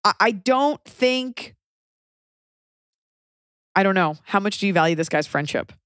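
A young woman co-hosting a podcast and giving casual, blunt advice, often swearing and stacking up quick questions. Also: medium pitch, animated, fairly bright tone, smooth, no echo, clean studio sound. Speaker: podcast co-host, comedian.

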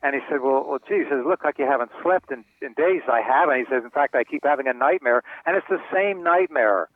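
Over a tinny, dry phone line, an older male author answers interview questions with stories, animatedly acting out the voices of the people in them. His mid-range voice moves briskly.

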